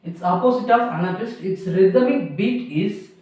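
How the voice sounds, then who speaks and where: A man teaching a class, who speaks slowly and repeats each point twice with simple, non-native grammar. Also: high voice, darkish tone. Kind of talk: classroom lecture. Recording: roomy echo, mic far off.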